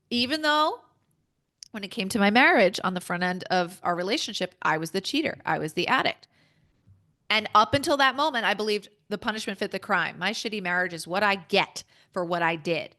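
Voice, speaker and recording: A woman's voice: medium pitch, expressive, a little fast, sharp tone. A woman speaking as a podcast guest, candid and emphatic, acting out her own inner dialogue as she talks.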